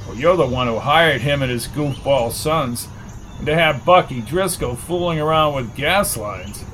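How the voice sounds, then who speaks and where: A man voicing a gruff male police chief who scolds in a stern manner. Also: mid-range voice, measured pace, a bit bright, slight background noise, close to an everyday voice, rough recording. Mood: scolding.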